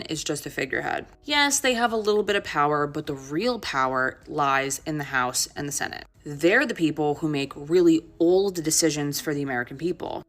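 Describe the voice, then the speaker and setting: Low-voiced woman, earnest vlog commentary on politics. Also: fairly bright tone. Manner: earnest, explanatory.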